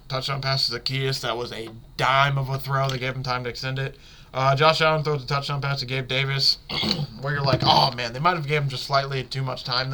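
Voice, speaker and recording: A man with a bright, forceful voice hosts a casual sports podcast. He rambles excitedly, stumbles over his words and corrects himself as he goes. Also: medium pitch. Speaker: podcast host.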